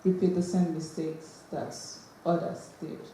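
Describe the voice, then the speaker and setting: A speaker giving a slow, earnest monologue on an auditorium stage. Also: mid-range voice, level tone, dark tone. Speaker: monologue performer. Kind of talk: spoken monologue. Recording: echoey hall, faint hiss.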